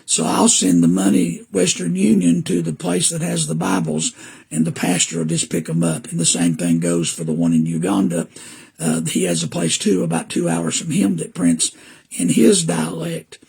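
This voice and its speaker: Older Southern preacher with a weak, gravelly voice. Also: male voice, fairly high pitch, animated, moderate pace, a little mellow. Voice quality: weak, damaged voice. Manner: rambling, earnest, greets viewers by name mid-talk. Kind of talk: casual podcast talk to live viewers.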